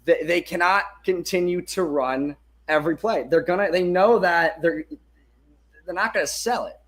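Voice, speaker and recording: A man giving live watch-along commentary on a game as a fan streamer. He is excitable and swears, swinging from hyped shouting to muttered asides, and talks into a phone held in his hand. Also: sits high, moderate pace.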